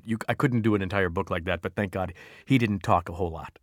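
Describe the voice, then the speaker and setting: Low-voiced man, dry studio sound. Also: quick pace, no room sound. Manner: animated, playful storytelling. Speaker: audiobook narrator. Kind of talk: answering fan questions. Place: recording studio.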